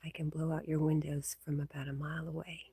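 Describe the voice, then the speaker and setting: Livestream host, female; soft half-whispered casual chat, deep mellow tone. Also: level tone, fast, vocal fry, husky. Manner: talks softly, often murmuring half-whispered to herself and her dog. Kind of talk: casual chat with her dog. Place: outdoors and at home with a dog.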